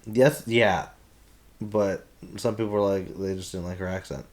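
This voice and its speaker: A young man co-hosting a casual podcast chat who laughs often and gets animated when quoting characters. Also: low-pitched, a little slow. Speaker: podcast co-host.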